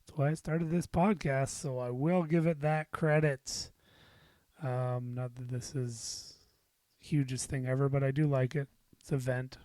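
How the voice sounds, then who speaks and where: Slow, rambling middle-aged man. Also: medium pitch, mellow, dry recording. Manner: rambling and self-deprecating, with frequent fillers and swearing. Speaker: podcast host. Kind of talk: casual solo podcast monologue.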